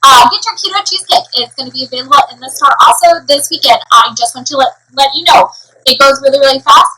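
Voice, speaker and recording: A woman in her thirties chatting on a casual live stream about her bakery, rambling with lots of fillers and quick laughs. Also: sits high, sharp tone, slight background noise, low-quality recording.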